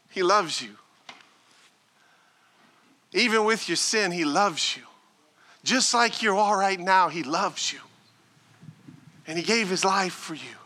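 A man preaching a sermon as pastor, piling up rhetorical questions and moving between loud exhortation and hushed talk. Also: sits high, lively intonation, takes it slowly, long pauses. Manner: rhetorical, building "what if" questions.

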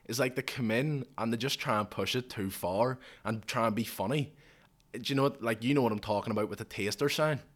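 A man's voice: mid-range voice, a little fast. A young man hosting a casual podcast chat, rambling with lots of "like" and swearing freely. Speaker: podcast host.

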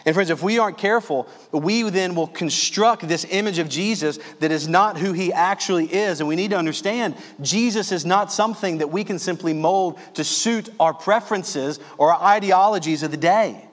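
Earnest and fairly high-voiced, this Louisiana pastor addresses his listeners as "friends" while delivering a sermon, slowing down to lean on key phrases. His voice echoes with a long, church-hall reverb.

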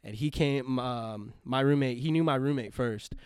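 A young man chats casually on a podcast, swearing freely and circling back with lots of fillers and restarts. His voice is smooth and clear, mid-pitched, and sits in a very dry, close space. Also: normal speed, darkish tone, no room sound. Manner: profane, rambling, full of fillers and restarts. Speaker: podcast co-host. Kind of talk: casual storytelling chat.

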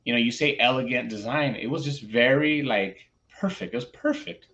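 A man's voice: medium pitch, lively intonation, normal speed, fairly bright tone. A male teacher telling a classroom story with animation, acting out bits of dialogue, with many fillers and restarts. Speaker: teacher, podcast guest. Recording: lo-fi, muffled audio.

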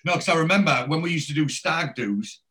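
A man's voice: fairly high pitch, expressive, fairly quick, pushed and bright. A man retelling a television episode in casual chat, swearing freely and rambling with restarts. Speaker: podcast co-host. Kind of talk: casual chat recapping a TV show.

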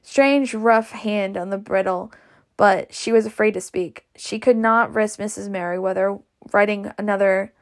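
A woman's voice: mid-range voice, fairly even intonation, measured pace. Woman reading a novel aloud. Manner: reads with occasional slips and restarts. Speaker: audiobook reader. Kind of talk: audiobook narration.

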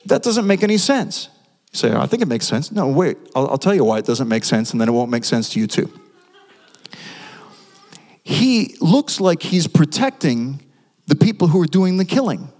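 Guy preaching in a big echoey hall, pretty high voice, animated, throws out questions. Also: normal speed, long pauses. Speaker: pastor. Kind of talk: sermon. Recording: long hall reverb.

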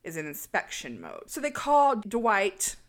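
A woman's voice: mid-range voice, a little slow. A woman co-hosting a casual chat, retelling a film's plot with frequent laughter. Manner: lively storyteller who laughs often and acts out lines. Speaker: podcast co-host. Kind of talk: casual chat recapping a film.

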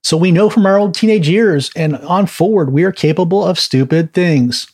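A fairly high-pitched man leads an informal Bible class. He talks in a chatty, rambling way, with quick asides and laughs at his own stories. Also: darkish tone. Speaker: Bible teacher. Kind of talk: informal teaching talk.

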